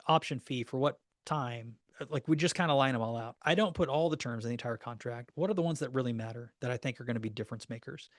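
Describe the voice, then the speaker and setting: A man coaching real estate agents through offer negotiation, practical and direct, sometimes acting out short phone scripts. His voice sits at an ordinary middle pitch. The recording is dry and close, with little room sound. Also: dry recording. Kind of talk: recorded training class.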